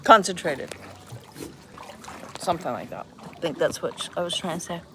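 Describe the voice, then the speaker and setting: A woman's voice: on the low side, moderate pace, over music. A woman chatting casually to her viewers in a vlog, breaking off to talk to a dog playing fetch outdoors. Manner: chatty, talks to a dog between asides. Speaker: vlogger.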